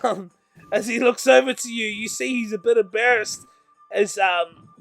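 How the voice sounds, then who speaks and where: A man runs a tabletop game, describing scenes in a meandering way and correcting himself often. His voice sits high for a man, with soft music playing faintly behind him. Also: moderate pace, vocal fry. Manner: meandering, self-correcting narration. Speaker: game master.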